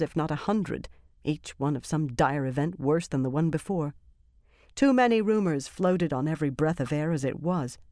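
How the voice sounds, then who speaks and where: A woman narrates a fantasy novel in a measured, even storytelling manner. Her voice sits low. The recording is dry and close, with no room sound. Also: dry recording. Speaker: audiobook narrator.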